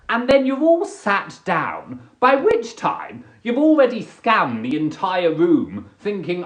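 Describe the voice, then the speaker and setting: A man's voice: a little high, very animated, a little slow. A man hosting a live stream in casual chat, who repeats and restarts his words often. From England. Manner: chatty, stammering restarts, giggly.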